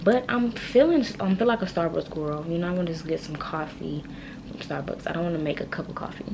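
A woman's voice: lowish voice, brisk, creaky, noisy background. A young adult woman, a college student chatting casually and rambling straight to her viewers from her room at night. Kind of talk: casual vlog chat.

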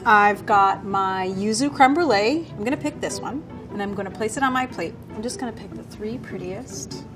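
A woman's voice: medium pitch, normal speed. A woman pastry chef talking step by step through making her dessert. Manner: relaxed, step-by-step explaining. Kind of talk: cooking demonstration talk. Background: background music.

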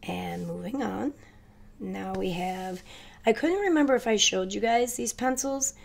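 Gravelly, stuffy-voiced woman vlogger. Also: medium pitch, lively intonation, a little hiss or hum. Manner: chatty, hurried, addresses viewers directly. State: stuffy from a cold. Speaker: crafting vlogger. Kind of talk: casual haul video chat.

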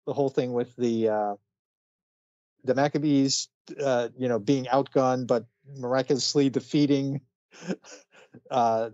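A man's voice: mid-range voice, a little mellow, no echo, lo-fi sound. A man casually retelling a comic book story on a podcast, chatty, with many fillers and frequent laughs. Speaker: podcast co-host.

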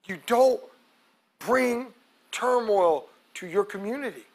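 A male pastor preaching a sermon to his congregation, calling out to them and acting out quotes, breaking into loud shouts at the peaks. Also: high voice, animated, slow. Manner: preaching with call-outs to the congregation, acts out quotes. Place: church sanctuary.

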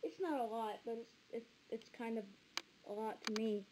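A woman's voice: a little high, normal speed, background noise. A woman chatting casually in a vlog, rambling and stammering over repeated words. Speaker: vlogger.

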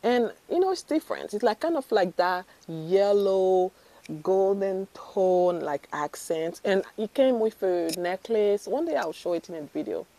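A woman fashion vlogger chats casually through a bangle try-on haul, her medium-pitched voice expressive, mellow, and a little slow. She gushes constantly, filling her talk with fillers, restarts, and self-corrections.

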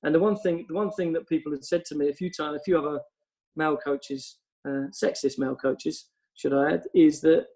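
A man's voice: a little high, fairly even intonation, a little fast, darkish tone, poor audio. A man, a football coach, telling long casual stories on a podcast, rambling with lots of ums. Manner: rambling anecdotes with frequent ums.

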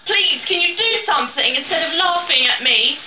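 A woman's voice: very high voice, animated, brisk. A young woman in an improvised comedy sketch, complaining in a whiny, near-tearful, dramatic way. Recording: echoey room, tinny phone-like, noisy.

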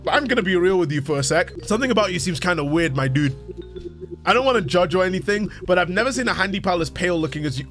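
A man's voice: sits high, expressive, fast, a bit bright, soft background music. A man voicing a laid-back young male glove creature from a game, with casual slangy dude talk.

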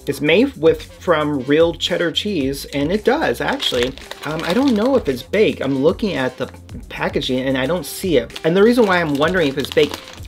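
A woman from the United States casually chatting while she tastes snacks, talking with her mouth full and humming mm between bites. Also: sits low. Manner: chatty, talks while chewing, lots of mm sounds. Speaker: vlogger. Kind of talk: casual snack unboxing and tasting chat. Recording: noisy with wrapper crinkling.

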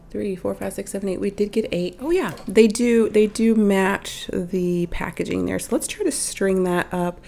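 Creaky, mellow-voiced woman unboxing toys. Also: medium pitch. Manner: talks straight to viewers, chatty, self-correcting, little laughs. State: voice a bit off from being sick. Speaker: toy unboxing channel host. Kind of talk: casual chatty unboxing narration.

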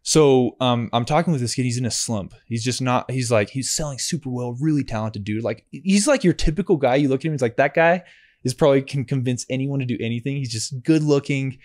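A man's voice: medium pitch, fairly quick, few pauses, a little mellow. A man co-hosting a podcast, telling a casual story about coaching his door-to-door sales reps and checking in with his listener as he goes. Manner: explains with rhetorical check-ins; acts out customer and rep dialogue. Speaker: podcast co-host.

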